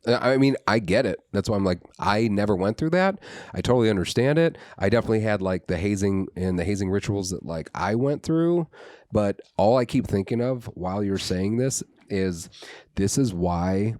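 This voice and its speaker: A man's voice: fairly low pitch, lively intonation, moderate pace, darkish tone, dry recording. A man co-hosting a podcast, telling rambling stories in casual chat and swearing freely. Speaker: podcast co-host.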